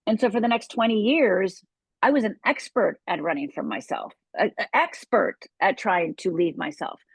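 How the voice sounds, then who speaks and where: A woman's voice: medium pitch, animated, moderate pace, creaky, breathy edge, no room sound. A middle-aged woman coach talking candidly in an interview, retelling her own past with vivid, acted-out quotes. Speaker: guest, life coach.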